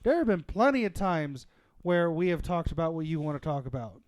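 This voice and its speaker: A man's voice: a little high, big pitch swings, brisk, dry recording, poor audio. A man co-hosting a casual podcast, talking emphatically and ranting with plenty of swearing. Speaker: podcast co-host. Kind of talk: casual chat.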